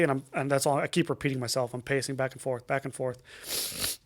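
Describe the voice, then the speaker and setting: A young adult man, a podcast guest, telling a painful personal story in a halting, emotional way with many fillers, restarts and swearing. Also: mid-range voice, fairly even intonation.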